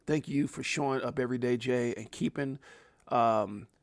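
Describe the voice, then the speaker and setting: A man hosting a livestream, talking excitedly to his chat and repeating himself. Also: medium pitch, normal speed, gravelly, no room sound, studio quality. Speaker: livestream host.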